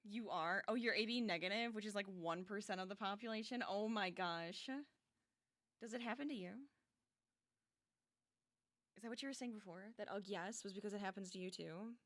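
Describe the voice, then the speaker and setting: Bright-voiced, chatty woman streamer. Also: mid-range voice, moderate pace, long pauses. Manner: chatty, animated, laughs often, talks to chat. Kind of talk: casual chat while crocheting on stream.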